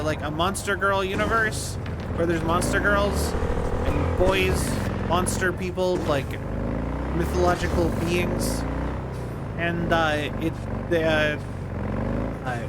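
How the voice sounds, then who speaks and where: A young male streamer chatting loosely over gameplay, rambling and restarting his sentences. His voice sits fairly high. Clear game and traffic noise runs under him. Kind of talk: casual gameplay commentary.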